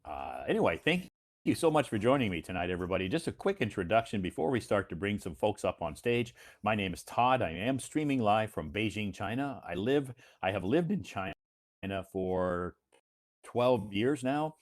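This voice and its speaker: An American man, an English teacher hosting a live stream, chatting casually in a slow, deliberate way with frequent "uh"s. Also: lowish voice, big pitch swings. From United States.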